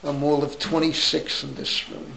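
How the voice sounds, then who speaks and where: An elderly rabbi in his eighties leads an informal class, rambling through animated stories and turning aside to his listeners. His voice is gravelly and a touch high for a man. The sound carries the echo of a roomy space. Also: moderate pace. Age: 80s. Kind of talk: informal Torah class talk.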